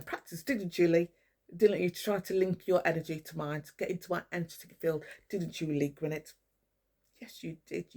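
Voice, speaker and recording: A woman's voice: lowish voice, vocal fry, a little mellow, breathy edge. An older woman, talking to camera in an angry, rambling monologue full of swearing, calling out people by name. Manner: swears a lot, rants, addresses people directly. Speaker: vlogger.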